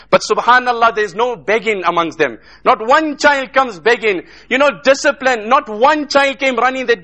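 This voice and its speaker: Bright high-voiced man preaching. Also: moderate pace. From South Africa. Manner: emotional, repetitive rhetorical phrasing with Arabic phrases. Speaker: Islamic speaker. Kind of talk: emotional sermon storytelling.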